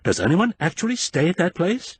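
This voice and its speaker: A man's voice: high-pitched, sing-song, a little fast, husky, no echo, voice pushed up, heavily acted. A man reading aloud and voicing a smug, condescending rich man with a mocking tone.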